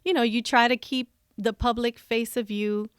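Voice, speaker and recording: A woman with a fairly high, smooth and resonant voice tells her stories as a podcast guest. She is animated, laughs often and acts out her own quoted thoughts. The recording is close and dry. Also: normal speed, no room sound. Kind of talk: candid conversational storytelling.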